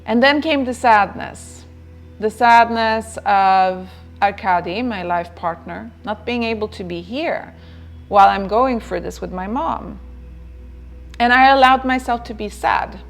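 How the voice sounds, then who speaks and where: A woman's voice: mid-range voice, a little slow, soft background music. A woman giving a reflective motivational talk on self-care, who repeats phrases and checks in with "right?".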